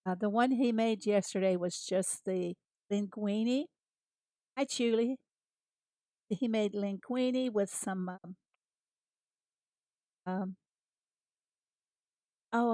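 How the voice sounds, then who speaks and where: She talks slowly with long pauses, her medium-pitched voice steady and darkish, with no echo. The American woman is streaming a farming game, calling out viewers by name and laughing often in easygoing conversation.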